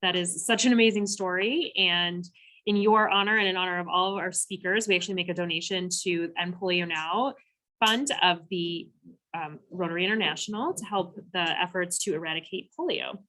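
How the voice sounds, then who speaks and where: A woman's voice: on the low side, a little fast, pushed and bright, poor audio. A woman closing a club meeting with polite, slightly hesitant announcements full of ums.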